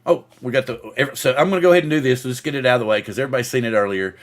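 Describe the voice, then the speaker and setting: A man's voice: medium pitch, rapid-fire. A man hosting a casual livestream show. He tells stories with acted-out voices and greets viewers in the chat by name. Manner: animated storyteller who acts out the voices in his story.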